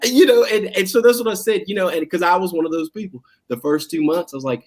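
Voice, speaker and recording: A man's voice: sits high, fast, few pauses, darkish tone. A man from Southwest Virginia with its country accent, talking casually as a guest in an interview, rambling with lots of fillers and restarts. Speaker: guest, school district director.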